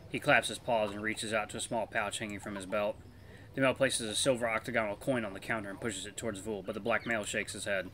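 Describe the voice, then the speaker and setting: A man hosting a let's play, reading a visual novel aloud in a chatty, animated way. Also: fairly low pitch. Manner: animated, chatty, quick laughs.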